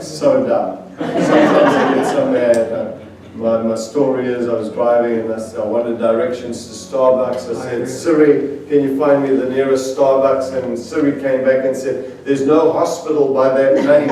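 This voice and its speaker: A man preaching a sermon in a church, telling humorous stories in a chatty, self-mocking way and chuckling between anecdotes. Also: medium pitch. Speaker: guest preacher. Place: large church sanctuary. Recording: very echoey hall, voice from far off.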